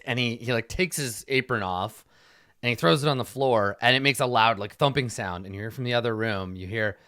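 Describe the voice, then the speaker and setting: A man's voice: medium pitch, fairly quick, pushed and bright, no room sound, clean studio sound. Man narrating a game, full of fillers. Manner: rambling description with many fillers. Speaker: game master.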